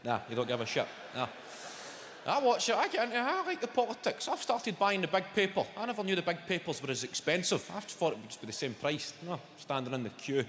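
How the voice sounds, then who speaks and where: A man's voice: high-pitched, very animated, quick pace. A man with a Glaswegian accent doing brash, sweary stand-up comedy in a large venue, chatting with the crowd. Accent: Scottish, Glaswegian. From Scotland. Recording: echoey live hall with loud crowd laughter.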